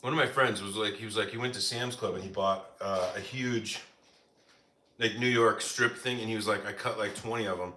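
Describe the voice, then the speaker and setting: American guy chatting on a live stream, bright voice, says like a lot, echoey room. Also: on the low side, steady tone, brisk. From United States. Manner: chatty, lots of "like" fillers. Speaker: live-stream cooking host. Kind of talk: casual chat reading viewer comments.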